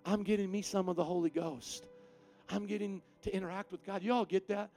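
A man pastor preaching a sermon with emphatic delivery, swinging between quiet and loud. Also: high voice, fairly even intonation, brisk, soft background music.

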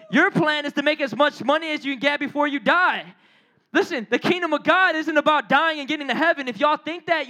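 High-voiced young man preaching with fire. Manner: animated, street-casual preaching with slang. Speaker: youth preacher. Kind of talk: sermon. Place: church or youth gathering.

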